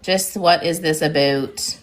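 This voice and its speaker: A woman's voice: low voice, takes it slowly. A woman with a Canadian accent hosting a casual painting livestream, chatty and often laughing. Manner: chatty, laughing, animated teasing. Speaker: art livestream host. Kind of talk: casual painting tutorial chat.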